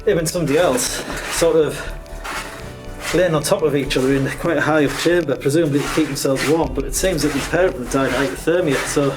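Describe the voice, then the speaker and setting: Exploring underground mine passages, a man narrates casually into a camera mic, chatty and wry and poking fun at himself. His voice sits on the high side and moves fast, the audio is poor, and music plays beneath him.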